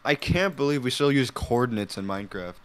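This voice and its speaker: A man's voice: medium pitch, lively intonation, brisk, clean tone. A sleep-deprived man chatting casually on a game stream, joking, humming and singing along. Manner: goofy, hums and sings along, joking. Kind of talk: casual gaming stream chat. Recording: noisy home mic with keyboard clatter.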